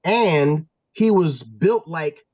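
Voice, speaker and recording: A man from Pennsylvania, a former football player and guest, telling stories in a casual, animated, slangy way with lots of restarts. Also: on the high side, drawn-out words, no echo, muffled recording. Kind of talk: casual storytelling.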